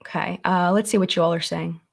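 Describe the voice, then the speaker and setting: A beauty YouTuber runs a casual live stream, reading viewers' comments and thanking each by name in a brisk, gravelly, slightly low voice. She becomes earnest and reflective at times, with many restarts as she thinks a point through.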